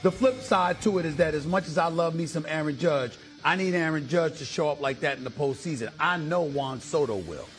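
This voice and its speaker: A man's voice: on the high side, a little fast, hardly any pauses, soft background music. A man hosting a studio sports debate, speaking emphatically and repeating phrases for stress.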